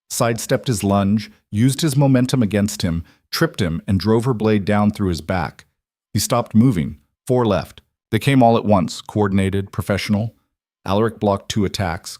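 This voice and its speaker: A man reading a dramatic story aloud as narrator, steady and even, voicing the characters' lines himself. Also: fairly low pitch, normal speed, no room sound, clean studio sound. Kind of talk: scripted narration.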